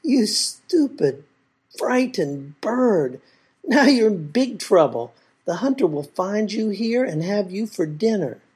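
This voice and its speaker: A woman's voice: medium pitch, lively intonation, a little fast, few pauses, dark tone, husky. A woman voicing a boastful, mocking male fox in a storybook tale. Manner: taunting, gloating.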